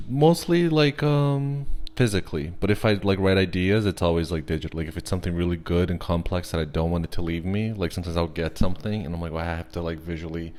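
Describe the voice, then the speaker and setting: A man hosting a podcast in casual chat, agreeable and quick with "yeah" and "mm-hmm". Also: low voice, darkish tone. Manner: agreeable, frequent "yeah" backchannels. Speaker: podcast host.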